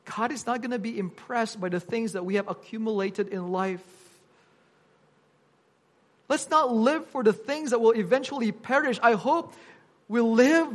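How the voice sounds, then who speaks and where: A man preaching a sermon, earnest and pleading, pressing his points with emphasis. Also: very high-pitched. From Philippines.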